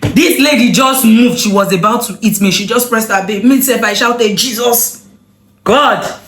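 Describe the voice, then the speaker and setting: A woman tells her story casually to her viewers. Her delivery is lively and exclamatory, carried by strong feeling. The room around her rings with a noticeable echo. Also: a little high, moderate pace, slight background noise. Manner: animated, emotional retelling with exclamations. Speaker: vlogger.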